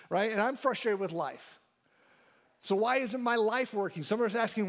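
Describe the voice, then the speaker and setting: A man's voice: high voice, a little fast. A man preaching a sermon as pastor, talking conversationally and often checking in with a "right?" and restarting his phrases. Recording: church sanctuary.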